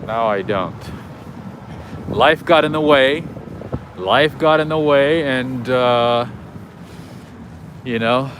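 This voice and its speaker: A man's voice: medium pitch, slow pace, pauses often, fairly bright tone. A man hosting a casual walking livestream outdoors, rambling and chatting with his viewers in a self-deprecating way. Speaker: livestream host. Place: city streets outdoors. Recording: noisy outdoor street recording. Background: traffic and street noise.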